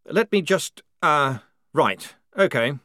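A man's voice: a little high, animated, takes it slowly, sharp tone, no echo, studio quality, pitched above the performer's own voice, heavily acted. A man voicing an eager, flustered young male writer who talks in a pleading rush. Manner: breathless, pleading, fussy.

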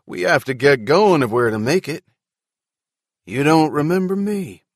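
A man doing a loud, pushy elderly rescuer. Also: on the high side, sing-song, no room sound, studio quality, voice pushed up. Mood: hurried. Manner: loud, urgent, hurried.

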